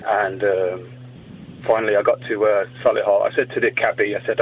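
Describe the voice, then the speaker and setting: A man calling in to a radio phone-in, telling a story in a deadpan way. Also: on the low side, brisk. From West Midlands. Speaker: caller. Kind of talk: phone-in prank call. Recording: dull phone line with faint noise.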